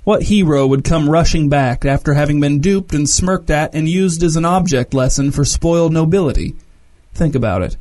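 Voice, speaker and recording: A man voicing a sinister, scheming monster speaking low from deep in a dark cave, in a storybook reading. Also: moderate pace, natural voice.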